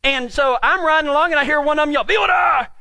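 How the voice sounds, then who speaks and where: A man's voice: very high-pitched, fairly even intonation, racing, pushed and bright, dry recording, raised voice. A man from Texas with a Texan accent, telling a funny, folksy, self-mocking story about himself. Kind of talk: humorous storytelling.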